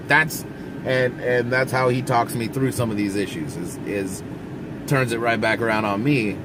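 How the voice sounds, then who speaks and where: A man's voice: mid-range voice, moderate pace, noisy background. A man who drives trucks, giving blunt, folksy advice straight to his viewers from inside his truck cab. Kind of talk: casual advice monologue.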